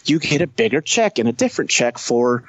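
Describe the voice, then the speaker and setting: Man, military veteran, laughing profane anecdotes, mid pitch, dry close sound. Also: brisk, no room sound, lo-fi sound. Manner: profane, laughing, animated storyteller. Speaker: podcast guest, Marine veteran. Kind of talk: casual storytelling.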